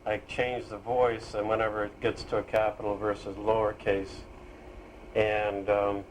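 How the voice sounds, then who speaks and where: A man demonstrating his own screen reader program, explaining it in a halting way with pauses and fillers. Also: lowish voice, little pitch movement, a little hiss or hum, poor audio. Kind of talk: casual software demonstration.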